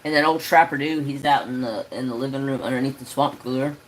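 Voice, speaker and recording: A man's voice: medium pitch, steady tone, fast, slight background noise, poor audio. Rambling man chatting on a craft livestream. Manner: rambling, loose, swears casually. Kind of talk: casual livestream chat. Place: home craft room.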